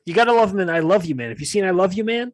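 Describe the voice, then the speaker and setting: Male podcast co-host with a high voice, loose and giggly banter. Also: lively intonation, no room sound. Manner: quick, laughing, breaks into silly impressions. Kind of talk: casual podcast chat.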